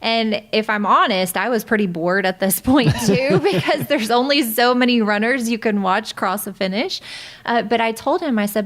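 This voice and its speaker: A woman's voice: on the high side, animated, normal speed, fairly bright tone. A woman in her thirties, a podcast guest, telling her personal story in a vivid, candid way, often breaking into laughter.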